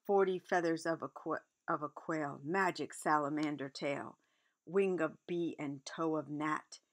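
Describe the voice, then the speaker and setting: A woman's voice: sits low, a little slow. A woman voicing a tired old male wizard who chants rhyming spells in a sing-song way. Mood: chanting.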